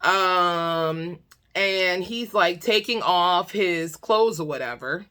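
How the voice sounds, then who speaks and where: Storyteller woman with a bright, sharp voice, blunt and laughing, casual vlog. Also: lowish voice, slow pace, smooth. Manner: animated, laughs often, blunt and profane. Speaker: storytime vlogger. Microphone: talking to her own camera.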